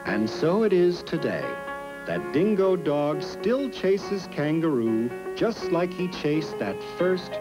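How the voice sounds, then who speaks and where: A man's voice: a little high, sing-song, takes it slowly, low-quality recording. A man narrating a children's story in a rhythmic, sing-song telling. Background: music.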